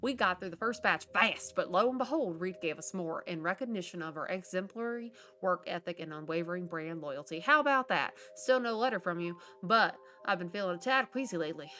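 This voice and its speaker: A woman's voice: lowish voice, animated, a little fast, hardly any pauses, pushed and bright, slight background noise. A woman reading as a chatty letter-writing cousin. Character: eager man writing letters to his cousin. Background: game music.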